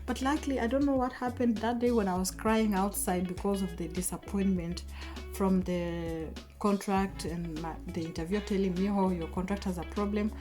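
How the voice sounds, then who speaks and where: Emotional woman vlogger, mellow voice. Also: medium pitch, moderate pace, soft background music. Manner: emotional, animated retelling with quoted dialogue. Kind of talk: casual storytelling to camera.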